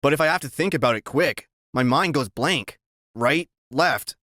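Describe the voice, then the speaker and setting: A man reading a children's story aloud in the first person, telling it in a lively, expressive way. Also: medium pitch, normal speed, dry recording, clean studio sound. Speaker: reader.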